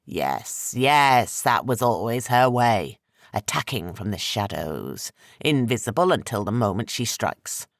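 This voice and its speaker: A man voicing an ancient, menacing sorcerer with slow, heavy, rasping speech for an audiobook. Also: on the low side, big pitch swings, a bit bright, dry recording, studio quality, heavily acted.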